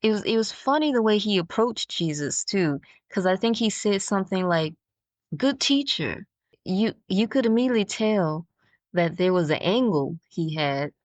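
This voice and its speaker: A woman's voice: mid-range voice, expressive, no echo. A woman hosting her own podcast, talking through her thoughts in a reflective monologue and often stopping to search for words. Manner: thinks out loud, halting and searching for words. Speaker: podcast host.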